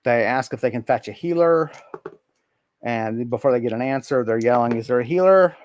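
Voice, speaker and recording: A man's voice: medium pitch, fairly even intonation, moderate pace, darkish tone, slight background noise. A man narrating a tabletop role-playing game as game master, hesitant and full of ums and restarts.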